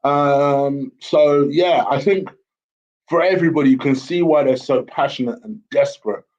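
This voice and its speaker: A man's voice: medium pitch, normal speed, a little mellow. A man talking casually to camera as a football fan vlogger, blunt and opinionated. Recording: slightly dull lo-fi audio.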